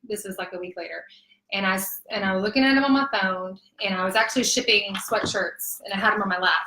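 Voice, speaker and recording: A woman in her thirties, a guest telling a personal story in an earnest, emotional, animated way. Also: medium pitch, quick pace, reverberant, a little hiss or hum, low-quality recording. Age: 30s. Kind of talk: candid personal testimony in conversation.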